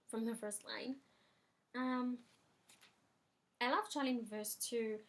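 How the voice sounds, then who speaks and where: A woman's voice: a little high, fairly bright tone. A young woman talking casually in a music review vlog, chatty and full of filler ums, recorded in her bedroom. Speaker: vlogger. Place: bedroom at home.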